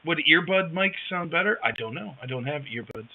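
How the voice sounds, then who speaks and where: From his home in a rural area, a man hosts a casual live stream, rambling wryly and reacting to chat through a wireless headset. His voice runs a little high, and he sounds animated and brisk. The dull lo-fi headset mic gives the recording its character.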